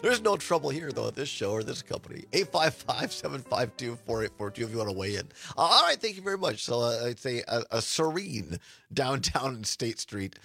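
A man's voice: medium pitch, very animated, brisk, gravelly, pushed and bright, dry recording, soft background music. A man hosting a casual radio talk show, chatty and laughing often as he reads promos.

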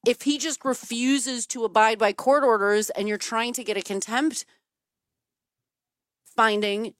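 A woman's voice: on the high side, fairly even intonation, unhurried, no echo, studio quality. A woman from Wisconsin answering listener questions as a political commentator, in an emphatic, detailed, earnest way. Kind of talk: explanatory talk.

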